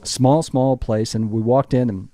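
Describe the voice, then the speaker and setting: A man with a drawl tells stories as a guest in a casual interview. He talks animatedly and slips into the voices of the people in his stories. His voice sits at a middling pitch and is recorded close and dry. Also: a little slow, no echo. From Texas. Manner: animated storyteller who acts out dialogue. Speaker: guest musician.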